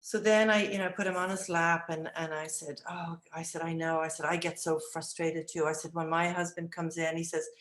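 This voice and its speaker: An older woman, an early childhood educator, recounting classroom stories and acting out the dialogue in lively high voices. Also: fairly quick, hardly any pauses. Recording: echoey room.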